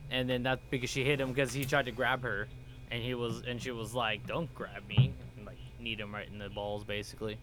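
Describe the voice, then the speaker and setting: A man casually explaining a movie scene, relaxed, often trailing off and restarting words. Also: medium pitch, fairly quick, a little hiss or hum. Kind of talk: casual movie recap chat.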